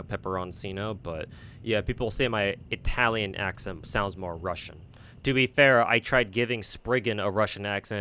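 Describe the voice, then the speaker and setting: A man's voice: on the low side, pushed and bright, clean tone. A man reading game dialogue aloud and chatting, often tripping over words and restarting them. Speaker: game reader.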